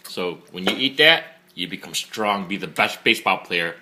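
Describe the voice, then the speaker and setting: A man's voice: low voice, animated, moderate pace, noisy background. A father chatting playfully with his young child over a meal at home, teasing and coaxing, recorded on a phone set on the table. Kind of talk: casual chat with his child during a meal. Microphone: phone propped up on the table.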